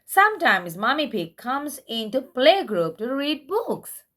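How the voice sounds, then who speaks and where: A woman reads a picture book aloud for little ones, in a slow, sing-song way. Her voice is bright and fairly high, and it swoops up and down. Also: big pitch swings. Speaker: children's book reader.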